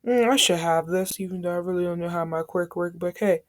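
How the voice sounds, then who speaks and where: A woman's voice: on the low side, brisk, no room sound, clean studio sound, natural voice. A woman voicing a teenage boy who has grown bold and talks back coolly to a bully. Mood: defiant. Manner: cool, talking back. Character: teen boy, newly bold and defiant.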